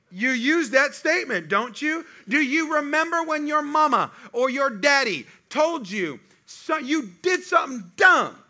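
A middle-aged man preaching a sermon to a congregation, with animated call-and-response delivery. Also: high-pitched. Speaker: pastor.

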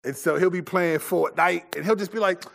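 A man's voice: high-pitched, moderate pace, creaky, a bit bright. A middle-aged man preaching a sermon in a loose, conversational way, with many restarts and fillers. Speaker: pastor.

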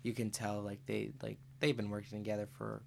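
A man's voice: lowish voice, monotone, brisk, gravelly, a little hiss or hum. A man talking about a movie on a casual podcast, laid back and repeating himself. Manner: laid-back, repeats words, "you know what I mean".

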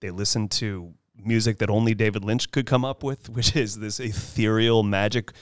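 A man in casual podcast talk about a film, animated and acting out lines from scenes. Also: normal speed, no room sound, studio quality. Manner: animated, acts out film lines in high voices. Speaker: podcast host.

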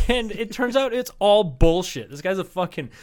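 A man's voice: high-pitched, animated, normal speed. A man co-hosting a casual podcast chat, telling rambling, profane stories between frequent laughs. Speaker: podcast co-host.

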